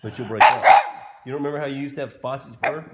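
A man's voice: medium pitch, steady tone, fast talker, heavy background noise. A man talking to his pet dog in a casual home video, with playful mock-scolding and back-and-forth as if the dog answers him. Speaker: dog owner.

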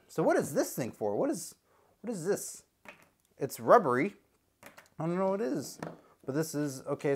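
A man hosting a goofy unboxing video, his voice swinging widely and animatedly from one phrase to the next. He rambles playfully, cracks jokes at the viewer and breaks into silly nonsense noises. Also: a little high. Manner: jokey asides, talks to the viewer. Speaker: unboxing show host.

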